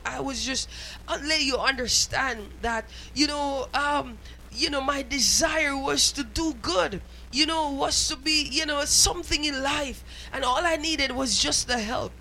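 A woman's voice: high-pitched, gravelly, pushed and bright, a little hiss or hum. A woman giving an emotional sermon testimony, her phrases rising into half-sung cries.

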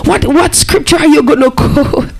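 A man's voice: very high-pitched, normal speed, vocal fry, rough recording. A man preaching a fervent sermon, breaking in often with amen and praise be to God.

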